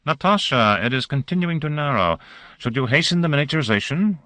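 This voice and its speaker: A man voicing a joking, teasing male crewman with a drawn-out delivery. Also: mid-range voice, sing-song, fairly bright tone, dry recording, voice pushed up. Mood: urgent.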